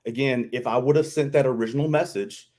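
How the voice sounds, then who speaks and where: A man's voice: medium pitch, a little fast. Man telling a story. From Kentucky, US South. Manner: animated storyteller, acts out quotes. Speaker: guest, veteran. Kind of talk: casual live-stream chat.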